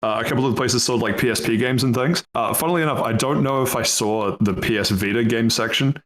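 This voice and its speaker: A man's voice: mid-range voice, fast talker, a bit bright, poor audio. A young man chatting casually on a podcast, rambling with lots of fillers, laughing often and swearing freely. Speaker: podcast co-host.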